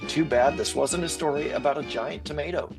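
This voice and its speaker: A man's voice: on the high side, brisk, over music. A man co-hosting a morning radio show, reading odd news stories with dry, amused banter. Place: radio studio. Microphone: studio microphone.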